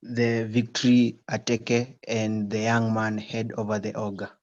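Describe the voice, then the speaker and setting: Teen boy student answering in class, low and flat, dry muffled audio. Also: unhurried, no echo. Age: teenager. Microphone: video call.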